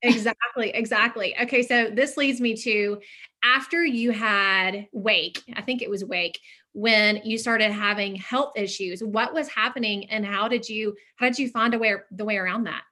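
Bright, affirming woman podcast host. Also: fairly high pitch, moderate pace. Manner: affirming, supportive. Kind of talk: interview questions.

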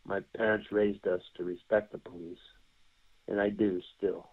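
A man's voice: low-pitched, flat delivery, normal speed, husky. An older retired man calling in to a show, friendly and plain-spoken. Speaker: caller. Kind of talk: phone-in call. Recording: tinny phone line.

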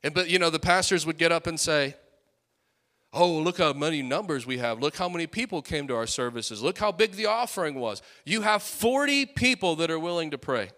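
A man in his late twenties preaching a sermon with fiery, rising peaks and quieter storytelling asides. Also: fairly high pitch, lively intonation, brisk. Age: late 20s.

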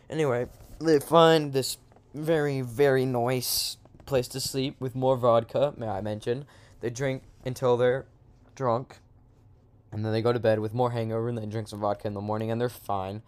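A man's voice: medium pitch, steady tone, measured pace, clean tone. A man improvising a silly comic story in a rambling, slangy way, with lots of asides.

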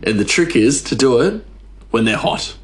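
A man's voice: mid-range voice, lively intonation, moderate pace. A man hosting a podcast, ranting casually in a rambling, exasperated way, his voice jumping up for emphasis. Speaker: podcast host. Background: faint music.

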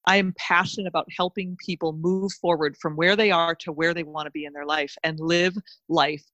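A woman's voice: lowish voice, fairly even intonation, a little fast, fairly bright tone, no room sound, muffled recording. A woman guest on a podcast giving a fired-up motivational pep talk, emphatic and full of repeated phrases. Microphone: close podcast mic.

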